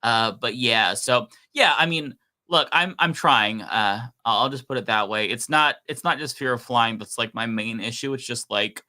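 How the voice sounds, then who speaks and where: A man's voice: mid-range voice, normal speed, pushed and bright. A man co-hosting a political livestream, reading donations and chatting casually with many fillers and restarts. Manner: rambling, filler-heavy, laughs easily.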